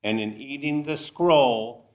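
A man teaching a Bible study, explaining scripture deliberately and checking in with the class. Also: mid-range voice. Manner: slow, deliberate, checks in with "okay?".

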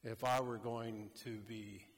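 Slow-preaching man in a reverberant hall. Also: lowish voice, flat delivery. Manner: slow, deliberate, emphatic preaching. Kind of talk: sermon.

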